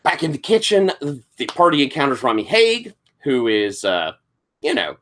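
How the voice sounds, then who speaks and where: Lively storytelling man running a game. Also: mid-range voice, normal speed. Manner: animated storyteller, acts out quotes and sound effects. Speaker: game master. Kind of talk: recapping a tabletop game session.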